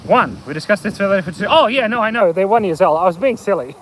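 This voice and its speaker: A man's voice: sits high, animated, fast talker, few pauses, slight background noise, rough recording. A middle-aged man with an Australian accent, chatting playfully on a live stream and telling jokes while outdoors in the bush. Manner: playful, rambling, tells jokes and reads chat aloud. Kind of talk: casual live stream chat. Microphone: phone.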